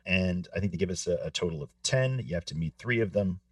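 A man co-hosting a podcast, explaining things in a measured, explanatory way. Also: deep voice, expressive, dry recording, recorded from a distance. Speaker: podcast co-host. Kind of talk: casual podcast discussion.

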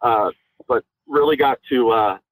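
A young man from Minnesota, an Army veteran, telling his own story candidly in an interview, with many halting fillers and restarts. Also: mid-range voice, fairly bright tone, rough recording. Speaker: guest, Army National Guard veteran.

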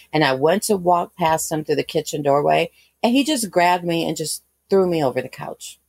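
Woman, thirties, very low voice, candid rambling storyteller, dry close sound. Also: moderate pace, darkish tone, dry recording. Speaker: guest. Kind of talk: personal story interview.

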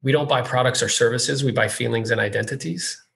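A man's voice: mid-range voice, brisk, gravelly, fairly bright tone. Chatty man hosting an interview. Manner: eager, chatty, retells stories with lots of "like". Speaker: podcast host. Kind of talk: casual interview chat.

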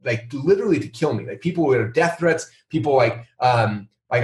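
A middle-aged man, a company founder, telling a story in a casual interview and acting out the people he quotes. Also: normal speed. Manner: animated, acts out quoted voices in a higher pitch. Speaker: founder and CEO of a software company. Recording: roomy sound, a bit off-mic.

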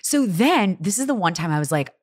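A young woman co-hosting a casual chat podcast, telling animated stories and acting out what people said. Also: mid-range voice, fairly quick, no echo, clean studio sound. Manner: animated storyteller, acts out quotes. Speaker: podcast co-host.

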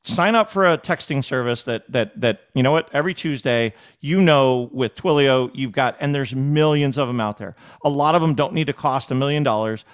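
A man talking as a guest on a podcast, animated and repeating words as he acts out little conversations. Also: mid-range voice, normal speed, hardly any pauses, clear, resonant tone. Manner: animated storyteller, acts out dialogue, frequent word repeats. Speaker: podcast guest, restaurant technology executive. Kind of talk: casual interview talk.

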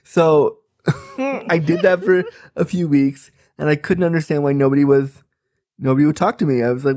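A man's voice: medium pitch, a little fast, a little mellow. Frank, chatty man in his thirties. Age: 30s. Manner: candid, frank, chatty with many fillers. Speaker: storyteller. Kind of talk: comic personal storytelling.

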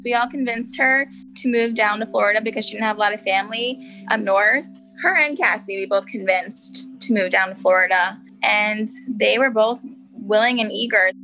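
A woman speaks in a documentary interview about her half-sister, chatty and loose, leaning on "like". Her voice is bright and forward, with faint music underneath. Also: mid-range voice, normal speed, rough recording. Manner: chatty, heavy use of "like".

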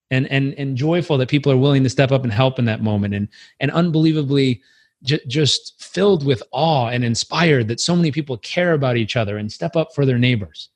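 A man giving a motivational talk, animated and acting out little scenes in other voices. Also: mid-range voice. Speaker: motivational speaker.

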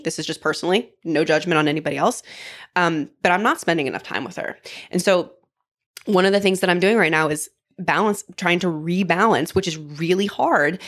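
Woman in her 30s guesting on a podcast, candid and reflective, bit low voice. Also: brisk, a bit bright. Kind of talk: casual conversational interview.

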